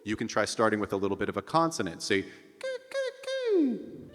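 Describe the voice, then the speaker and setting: A man teaching a singing lesson, explaining techniques between high vocal demonstrations and checking in with his students. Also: lively intonation, racing, fairly bright tone, in a large hall. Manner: sings high falsetto vowel drills between explanations; encouraging, checks in with "okay?". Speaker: vocal coach.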